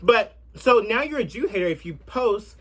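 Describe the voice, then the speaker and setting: A man giving a brash, profane commentary rant in a sassy, animated way. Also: sits high, moderate pace. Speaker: commentary vlogger.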